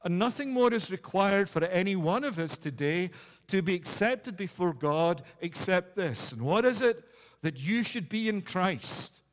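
High-voiced preacher in a reverberant hall. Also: male voice, animated, measured pace. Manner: earnest preaching, repeats key phrases for emphasis. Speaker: pastor. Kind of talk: communion sermon.

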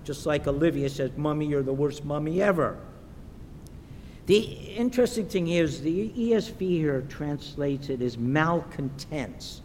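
A man preaching a sermon in a church, slow and emphatic, sometimes acting out the voices of the people in his stories. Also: animated, darkish tone. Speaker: pastor. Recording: echoey hall with faint rumble.

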